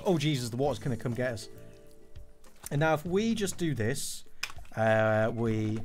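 Excitable man streaming games. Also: mid-range voice, a little slow, faint music behind. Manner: excitable, swearing, jokey running commentary. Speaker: game streamer. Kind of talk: live gameplay commentary.

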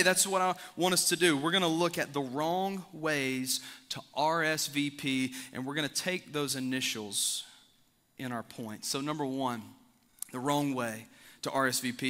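A man preaching a sermon as pastor, swinging from loud emphatic highs to quiet low drops. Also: normal speed, long reverb tail. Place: large church sanctuary.

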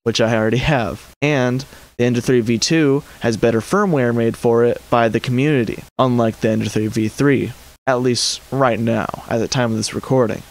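A man's voice: mid-range voice, fairly even intonation, normal speed. A man hosting a hobby channel, giving an exasperated, rambling commentary and often correcting himself mid-sentence. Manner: frustrated, exasperated. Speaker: 3D printing channel host. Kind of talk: commentary rant to camera.

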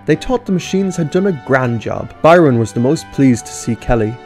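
A man's voice: mid-range voice, animated, normal speed, a little mellow, soft background music. A man, a YouTube commentator who reads story outlines aloud and comments on them in a casual, frank way with mild swearing.

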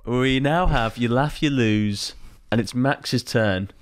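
A man hosting a comedy podcast, leading segments in brisk, jokey casual banter. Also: mid-range voice. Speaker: podcast host.

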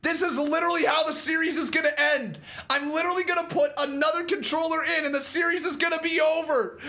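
A man hosting a live stream, calling a simulated wrestling match play-by-play from his desk in an excitable, shouting manner. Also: very high-pitched, quick pace, few pauses. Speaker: streamer and host of the series.

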